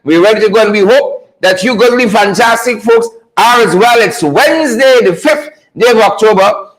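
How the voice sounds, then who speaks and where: A man hosts a live online show with a lot of energy. His voice sits high, and he keeps repeating rallying catchphrases while greeting viewers one by one. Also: normal speed, poor audio.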